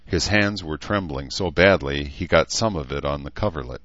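A man reading an audiobook as narrator with steady, even storytelling. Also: a bass voice, moderate pace, no echo. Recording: dull lo-fi dry recording.

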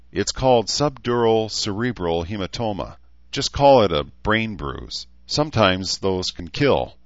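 A man's voice: low-pitched, no room sound, dull audio, pitched above the performer's own voice. A man voicing a young woman healer who teases and scolds her patient bluntly. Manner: teasing, scolding.

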